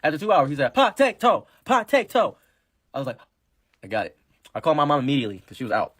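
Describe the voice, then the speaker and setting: A young man telling a rambling story, fast and excitable, with loud yelled bits. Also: mid-range voice, no echo, clean studio sound. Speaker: storyteller in a played clip. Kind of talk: rambling anecdote.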